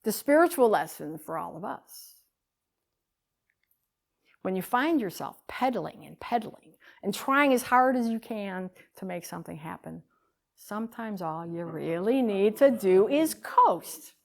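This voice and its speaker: A woman giving a talk, telling a story with animated swings between loud bursts and hushed lines. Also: medium pitch, unhurried, vocal fry. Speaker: speaker.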